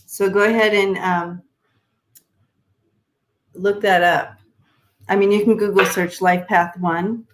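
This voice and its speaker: A woman's voice: medium pitch, steady tone, slow pace, long pauses, rough recording. A woman co-hosting a live stream, giving loose, hesitant tarot readings with many fillers. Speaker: co-host and tarot card reader.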